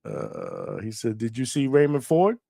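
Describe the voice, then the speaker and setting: A man's voice: medium pitch, wildly swooping pitch, moderate pace, gravelly, mellow, dry recording, clean studio sound. A man hosting a live call-in boxing show, laughing often and talking in playful slang. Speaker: host.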